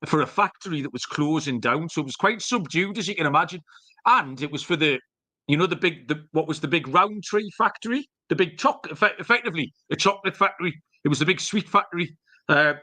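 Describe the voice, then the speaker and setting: Slightly high and sharp in tone, this man's voice comes from a podcast co-host chatting casually. His stories ramble and lean toward jokes, with an occasional swear word thrown in.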